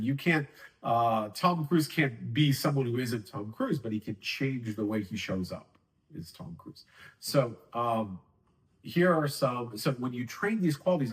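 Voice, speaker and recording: A man's voice: medium pitch, expressive, moderate pace. Guy teaching cold calling, talks loose and emphatic, mic sits a bit far off. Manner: conversational, emphatic, rambling asides. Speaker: sales trainer. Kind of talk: casual coaching talk.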